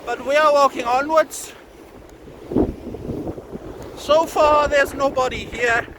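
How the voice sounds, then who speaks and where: A man's voice: very high voice, fairly even intonation, slow pace. Guy in his 30s rambling on the beach, bit out of breath, wind roaring in the phone mic. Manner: rambling, mock-grand, jokey and profane. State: tired, slightly out of breath from walking. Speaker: vlogger. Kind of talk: casual walking vlog. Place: outdoors on a windy beach.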